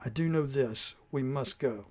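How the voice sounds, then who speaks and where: A man's voice: mid-range voice, measured pace, a little mellow, natural voice. A man doing an earnest young hero.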